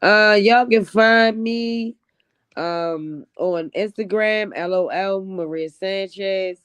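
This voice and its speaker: Smooth-voiced laid-back woman comedian. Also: mid-range voice, slow, fairly bright tone, no room sound. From Baltimore, US. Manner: laid-back, hesitant with fillers. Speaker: comedian guest. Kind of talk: casual podcast chat.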